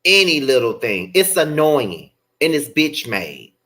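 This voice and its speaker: A man's voice: mid-range voice, sing-song, unhurried, sharp tone. A young man hosting a livestream, ranting bluntly and profanely, repeating his points for emphasis. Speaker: show host.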